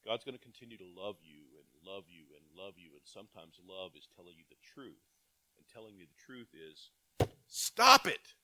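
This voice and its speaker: A male pastor giving a sermon. He reads scripture aloud, asks the congregation rhetorical questions, and swings between loud emphatic calls and quiet asides. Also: low voice, animated, a little fast, breathy edge.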